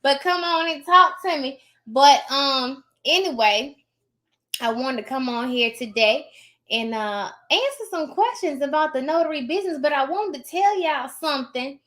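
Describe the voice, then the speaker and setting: A woman's voice: sits high, animated, normal speed, fairly bright tone. A woman with a put-on Southern US accent, chatting casually to her live-stream viewers, emphatic and talkative and often tagging on a questioning "okay?". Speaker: notary host of a live stream.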